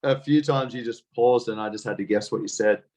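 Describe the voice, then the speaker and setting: A man's voice: medium pitch, a little fast, a little mellow. An Australian man coaching as a guest on a casual podcast over an online call, laid-back and encouraging. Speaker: triathlon coach.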